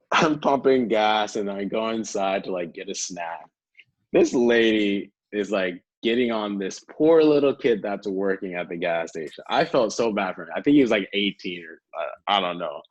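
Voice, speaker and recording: A young pro hockey player from North Carolina, appearing as a guest, tells stories casually in a fairly low, expressive voice at a normal pace. He rambles, scatters "like" everywhere, and acts out the quotes. The recording is dry and lo-fi.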